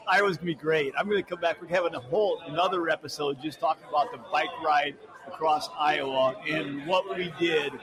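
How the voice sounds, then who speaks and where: A man's voice: fairly high pitch, brisk, crowd noise, rough recording. A man co-hosting a casual podcast, joking and teasing and laughing often. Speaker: podcast co-host.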